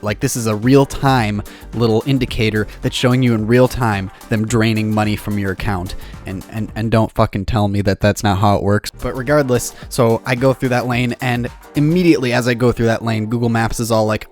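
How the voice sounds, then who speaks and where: Profane ranting young man, low voice. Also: steady tone, fairly quick, soft background music. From Illinois, US. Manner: profane, exasperated rant with rambling restarts. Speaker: vlogger. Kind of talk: ranting storytime vlog.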